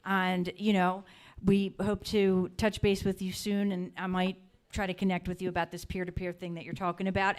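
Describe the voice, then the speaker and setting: A woman's voice: on the low side, level tone, normal speed. A woman hosting a live community talk show, asking questions and thanking her guest in an encouraging way. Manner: encouraging, appreciative.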